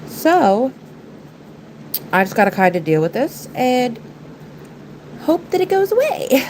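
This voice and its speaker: A woman's voice: high voice, big pitch swings, slow, darkish tone, slight background noise, low-quality recording. Congested, nasal woman chatting on a live stream. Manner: chatty, rambling, apologetic. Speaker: nail art live-stream host. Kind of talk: casual live-stream chat.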